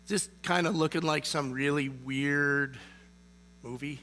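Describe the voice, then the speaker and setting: Bright-voiced man preaching casually. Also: a little high, level tone, normal speed, slight background noise. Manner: conversational, frequent "okay?" check-ins. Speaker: lay preacher. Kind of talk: casual sermon.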